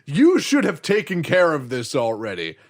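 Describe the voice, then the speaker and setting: A man voicing a proud, scornful male warrior who scolds in a low, contemptuous tone. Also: wildly swooping pitch, moderate pace, heavily acted.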